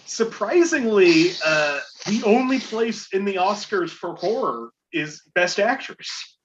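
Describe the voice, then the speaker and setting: A man's voice: high voice, big pitch swings, slow, highs cut off, slight background noise. A man hosting a casual podcast game show, reading clues aloud with playful asides and chuckles.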